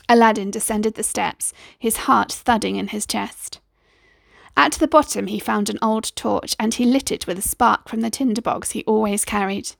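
Gravelly woman reading a storybook. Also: medium pitch, moderate pace, dry recording, clean studio sound. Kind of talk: storybook narration.

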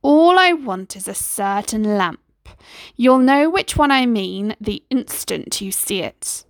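A woman's voice: fairly high pitch, lively intonation, slow pace, no room sound. A woman voicing a scheming male sorcerer who snarls and hisses his threats, in a dry close recording. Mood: menacing. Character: scheming middle-aged male sorcerer, menacing.

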